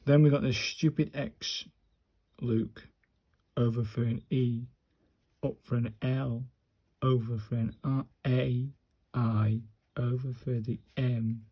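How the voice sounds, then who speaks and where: A man talks slowly and casually to camera while he practises handwriting, calling out each stroke as he goes. His voice is dark and a little husky, with an unhurried, self-encouraging way of speaking. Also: medium pitch. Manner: slow, muttering step-by-step to himself and viewers.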